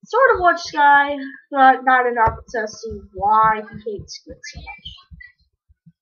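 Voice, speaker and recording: A woman giving casual, rambling commentary while playing a game, breaking into sudden excited yelps. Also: high voice, slow. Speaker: gamer. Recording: dull lo-fi recording.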